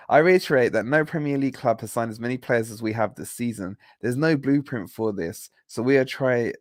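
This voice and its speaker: A man's voice: medium pitch, no room sound, studio quality. A man hosting a casual late-night live stream, chatting and reading out viewer comments with jokey banter. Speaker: livestream host reading chat.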